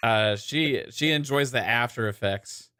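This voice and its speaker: A man's voice: mid-range voice, measured pace, sharp tone, clear, resonant tone. A man co-hosting a podcast, chatting in a loose, jokey, crude way. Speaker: podcast co-host. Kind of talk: casual podcast chat.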